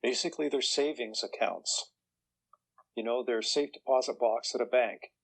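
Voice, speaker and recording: A man's voice: mid-range voice, poor audio. Older man telling stories. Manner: chatty, acts out quoted voices, chuckles through punchlines. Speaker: guest author. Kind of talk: relaxed anecdotal storytelling.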